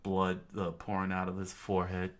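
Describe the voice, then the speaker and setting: Low-voiced man reading a comic aloud. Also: monotone, moderate pace. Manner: casual, stumbling, chuckling asides. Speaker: comic reader.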